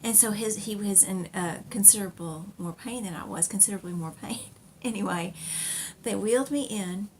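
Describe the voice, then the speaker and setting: A woman's voice: medium pitch, normal speed, a little mellow, slight background noise. A middle-aged woman hosting a knitting podcast, telling a personal story in a chatty, rambling way with fillers and laughs.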